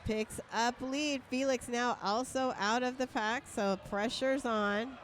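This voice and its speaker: A woman's voice: fairly high pitch, steady tone, slow, slight background noise. A woman announcing a roller derby bout live, giving play-by-play with playful, jokey banter between calls.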